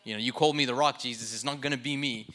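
A man playing a proud male apostle who boasts with a cocky, dismissive manner, in a lower voice than his own. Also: fairly even intonation, fast, bright, forceful tone, lightly acted.

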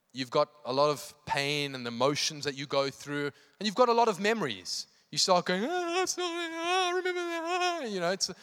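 A man's voice: on the high side, a bit bright. A man preaching an evening church sermon, emphatic and impassioned, repeating phrases for effect. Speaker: pastor. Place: church hall. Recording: long hall reverb.

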